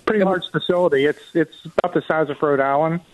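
A man calling in to a radio show, talking casually and haltingly. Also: on the high side, low-quality recording. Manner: hesitant, halting with fillers. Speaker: caller. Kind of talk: casual call-in chat.

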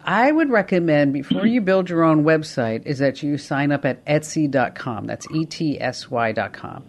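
A woman hosting a call-in radio show, talking in an upbeat, chatty way with quick asides. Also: low-pitched, animated, a little mellow, slight background noise. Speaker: radio talk show host.

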